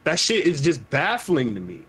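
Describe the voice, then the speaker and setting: A man hosting a podcast in casual chat, animated, profane and emphatic as he talks with friends. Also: a little high, moderate pace, slightly rough. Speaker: podcast host.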